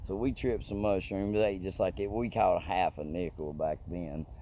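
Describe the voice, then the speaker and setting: A man's voice: low-pitched, steady tone, normal speed, mellow, a little hiss or hum. A man telling a story in a rambling, profane, colloquial way. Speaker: comedic storyteller. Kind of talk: casual storytelling monologue.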